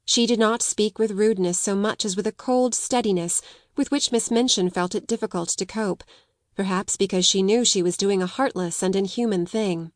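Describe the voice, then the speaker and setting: A woman with a medium-pitched voice narrates an audiobook in a measured, even storytelling style. The scripted reading has studio quality with no room sound.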